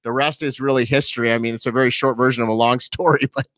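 Animated man in his forties, dry sound. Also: mid-range voice, dry recording. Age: 40s. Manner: animated storyteller, quick asides, laughs easily. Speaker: pastor, guest. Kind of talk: personal testimony in an interview.

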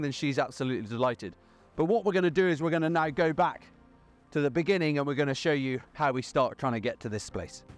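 A man, a dog trainer, giving an upbeat outdoor demonstration and explaining each step plainly. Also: fairly high pitch. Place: outdoors on grass.

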